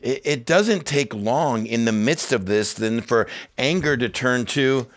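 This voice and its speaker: A man's voice: mid-range voice, expressive, a little slow. A middle-aged man preaching a sermon as pastor, earnest and emphatic, repeating key phrases and dropping in casual asides.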